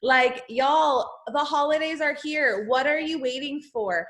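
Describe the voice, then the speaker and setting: A woman with a fairly high voice gives an emphatic, motivational pep talk. She speaks into a laptop on a video call from home and talks straight to her team. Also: a little slow. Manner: energetic, emphatic, Southern-style "y'all" address. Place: home, indoors.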